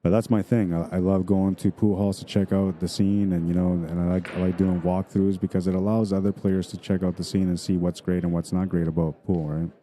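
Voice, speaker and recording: A man's voice: low-pitched, level tone, brisk, hardly any pauses, warm tone. A middle-aged man from Manitoba with a Canadian accent, rambling casually as a pool stream commentator and reading viewer comments aloud.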